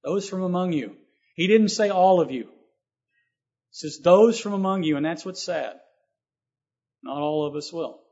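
A man's voice: fairly high pitch, a little slow, pauses often, a little mellow. A man preaching a sermon, reading scripture and expounding it earnestly, with emphatic swells on key lines. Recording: dull lo-fi recording.

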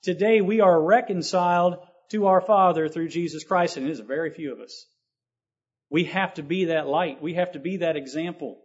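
A man's voice: fairly high pitch, normal speed, husky. Earnest preaching man, lo-fi sound. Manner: earnest, rising to emphatic on scripture. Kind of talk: sermon. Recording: dull lo-fi recording.

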